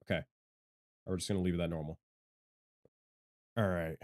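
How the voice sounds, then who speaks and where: A man streaming from home, loud and self-deprecating, rambling through casual mic tests on a studio microphone. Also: low voice, fairly even intonation, moderate pace. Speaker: gaming content creator and streamer. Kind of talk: casual livestream mic testing. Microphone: studio microphone with equalizer.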